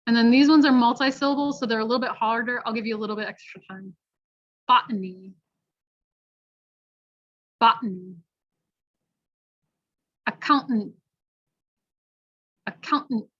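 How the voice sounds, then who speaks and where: A woman teaching pronunciation, modeling words slowly and repeating each one clearly. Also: on the high side, steady tone. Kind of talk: slow, clear pronunciation lesson. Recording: dull lo-fi online class audio.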